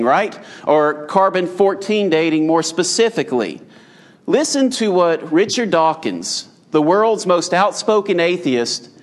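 Preacher, higher-pitched man. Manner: conversational, addresses the audience directly. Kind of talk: evening sermon.

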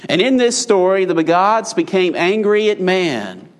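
A man's voice: high voice, sing-song, measured pace. A man preaching an evening sermon, talking conversationally and addressing the congregation directly.

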